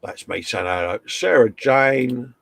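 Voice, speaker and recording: A man's voice: medium pitch, a little slow, creaky, no echo. British man, casual host, jokey banter, reads chat aloud, very dry close sound. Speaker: live stream co-host. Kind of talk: casual chat reading out viewer comments. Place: hobby workshop at home.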